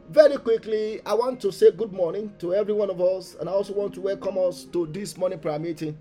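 High-voiced man preaching emphatically. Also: fast, hardly any pauses, faint music behind. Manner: emphatic preaching, swinging between soft asides and loud proclamations; repeats key phrases for emphasis. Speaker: pastor leading a morning prayer meeting. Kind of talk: sermon.

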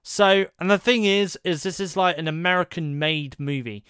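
A man's voice: high-pitched, moderate pace, fairly bright tone, clear, resonant tone, no room sound, studio quality. A British man hosting a casual solo podcast, talking in a rambling, conversational way with many fillers as he sits at his computer. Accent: British English. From Britain. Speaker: podcast host. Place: at home at his computer with his dog.

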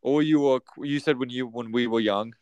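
Joking young man, smooth close voice. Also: medium pitch, moderate pace, a little mellow, no echo, lo-fi sound. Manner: joking, laughs often, restarts sentences. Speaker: podcast host. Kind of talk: casual chat.

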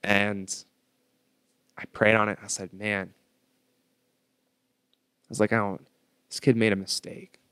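A young man in his twenties, a podcast guest, telling a story in casual slangy talk, getting loud when he acts out his anger. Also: fairly low pitch, little pitch movement, slow, pauses often, clear, resonant tone. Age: 20s.

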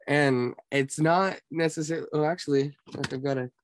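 A young musician guest from San Diego, California, chats casually, rambling and filling his speech with "like" and "um." His voice is a little high with fairly even intonation and normal speed, and there's slight hiss or hum.

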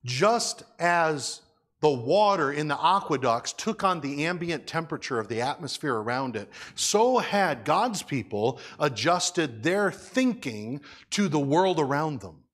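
A man's voice: a little high, very animated, unhurried, a bit bright. A man preaching a sermon as a pastor, in a conversational way, asking the congregation questions.

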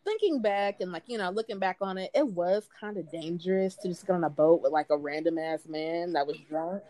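A woman in her twenties casually telling a party story, animated and laughing, acting out what people said in a higher voice. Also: brisk. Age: 20s.

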